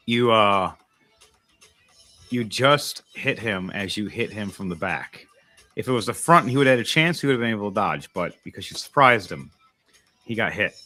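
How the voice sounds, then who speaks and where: A man's voice: on the low side, bright, forceful tone. A man running a tabletop role-playing game as game master, chatty and explaining the rules as he goes.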